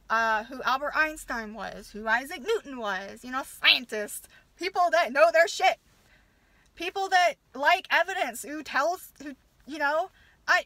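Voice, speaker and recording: A woman's voice: sits high, bright, forceful tone, no echo, poor audio. A woman in her thirties, a nurse and mother, venting angrily to camera with lots of swearing and stop-start restarts. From United States. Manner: profane, halting, many restarts. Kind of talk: angry personal rant.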